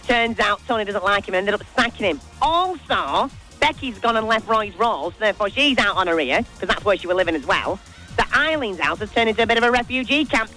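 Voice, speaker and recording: A man giving a chatty, gossipy roundup of soap news on breakfast radio, in an animated and teasing way. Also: high-pitched. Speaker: soap and entertainment news contributor.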